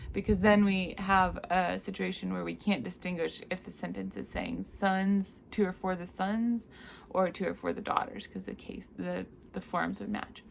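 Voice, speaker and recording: A woman's voice: fairly low pitch, level tone, moderate pace, vocal fry, slight background noise. A woman teaching a Latin grammar lesson for a recorded class, explaining patiently with frequent fillers.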